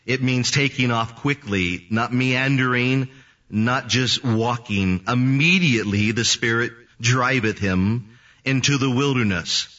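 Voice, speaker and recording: A man's voice: medium pitch, unhurried, pushed and bright. A man preaching a verse-by-verse Bible teaching sermon. He reads the scripture aloud and then explains it. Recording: distant, dull lo-fi recording.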